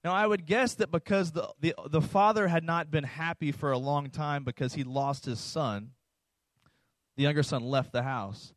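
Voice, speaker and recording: A man's voice: a little high, moderate pace, no room sound, clean studio sound. A man preaching in a conversational sermon style, often checking in with the audience by asking "right?" and "okay?". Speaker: pastor.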